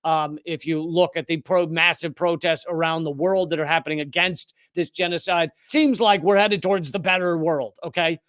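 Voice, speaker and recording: A man's voice: fairly high pitch, fairly even intonation, moderate pace, hardly any pauses, fairly bright tone, smooth, dry recording. A man hosting political commentary, speaking in an indignant, sarcastic way.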